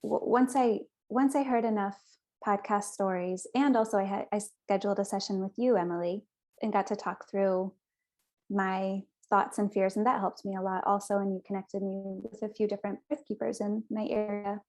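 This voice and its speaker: A woman's voice: medium pitch, fairly even intonation, moderate pace, darkish tone. A young woman guest on a podcast, telling her personal story in an earnest, chatty way. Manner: earnest, chatty, with small restarts.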